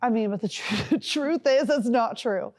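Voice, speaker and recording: A woman's voice: a little high, a little slow, darkish tone. A young woman co-hosting a podcast with her mother, rambling through personal stories with frequent giggles. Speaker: podcast co-host. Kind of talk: casual chat.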